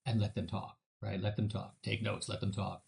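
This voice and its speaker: In a relaxed interview, a sales trainer spins lively stories, imitating customers and frequently restarting himself amid lots of fillers. He speaks at a normal speed in a lowish, creaky voice.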